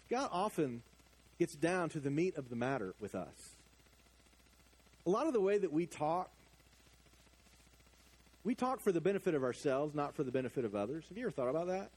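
A middle-aged man preaching a sermon, animated, swinging from hushed asides to loud emphatic lines. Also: on the high side, normal speed, long pauses, breathy edge. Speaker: pastor.

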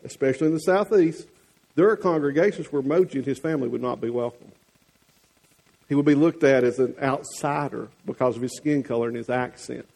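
A man's voice: medium pitch, creaky, a little mellow. A man with a Southern US accent preaching a sermon as the church's pastor, folksy and teasing one moment, earnest the next.

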